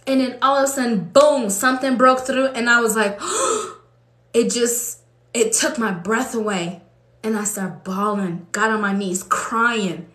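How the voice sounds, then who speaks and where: A woman preaching with emotion, building to fervent, high-pitched exclamations as she speaks to her listeners. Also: fairly even intonation, moderate pace, fairly bright tone, reverberant. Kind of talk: impassioned preaching.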